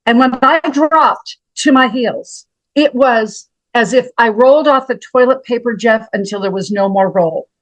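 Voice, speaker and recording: A woman's voice: a little high, a little slow, no echo, low-quality recording. A woman in her seventies from Montana, a health practitioner telling her story as an interview guest, dramatic and emphatic, often calling the host by name. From Montana, USA.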